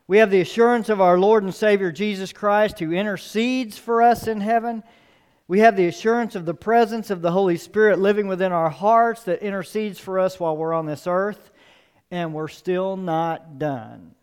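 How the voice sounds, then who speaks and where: A man's voice: high voice, fairly even intonation, normal speed, darkish tone, clear, resonant tone. A male pastor preaching a sermon, emphatic, repeating key phrases and building up for emphasis.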